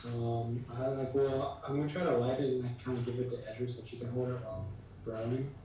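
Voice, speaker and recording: A man's voice: mid-range voice, little pitch movement, fast, background noise. A man playing a tabletop game, talking hesitantly and leaning on filler words. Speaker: player. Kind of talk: tabletop role-play chat. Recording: echoey room, far from the mic.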